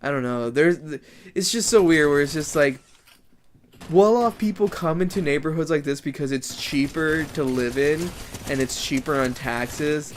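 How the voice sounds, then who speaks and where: A man's voice: fairly high pitch, normal speed, a little hiss or hum. A man from the United States ranting casually as a vlogger, rambling, swearing a lot and leaning on "like" as a filler. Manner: rambling and profane, heavy use of "like". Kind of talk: casual rant.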